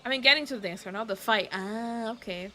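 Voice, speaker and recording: A woman's voice: a little high, a little fast, pushed and bright, soft background music. A woman, a Portuguese speaker, chatting casually on her stream and laughing often. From Brazil. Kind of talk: casual chat.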